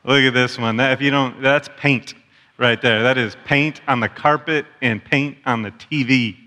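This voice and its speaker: A man's voice: mid-range voice, steady tone, moderate pace, bright, forceful tone. A man preaching a sermon as a pastor, in a conversational way with self-deprecating humor. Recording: long church hall reverb.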